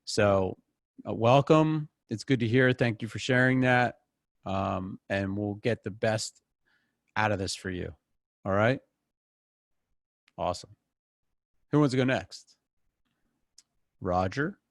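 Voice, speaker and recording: A man's voice: lowish voice, slow, vocal fry, pauses often, no echo, clean studio sound. A man leading a group session over a video call, talking in a casual, rambling, encouraging way.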